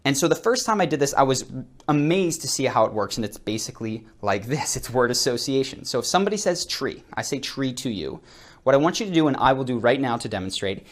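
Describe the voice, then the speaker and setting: A man, probably in his thirties, teaching a recorded online lesson, speaking directly and encouragingly to the viewer. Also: mid-range voice. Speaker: charisma course instructor.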